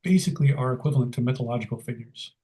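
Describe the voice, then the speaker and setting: A man with a mellow, warm tone, co-hosting a podcast. He reflects in a measured, casual way and is at ease with his co-host. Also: medium pitch, a little hiss or hum.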